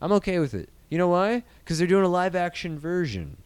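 A man in his thirties from Iowa holds forth on movies with heated, profane energy. His voice sits a bit high and comes through smooth and resonant. The sound is dry, with no room around it. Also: brisk, no room sound. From Iowa, USA. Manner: animated, ranting, swears a lot. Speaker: podcast host. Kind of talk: casual profane movie-news chat.

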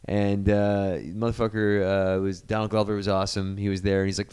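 A man's voice: lowish voice, flat delivery, brisk, hardly any pauses, a little mellow, clear, resonant tone. A man in casual podcast chat reviewing a movie, retelling scenes animatedly and swearing freely.

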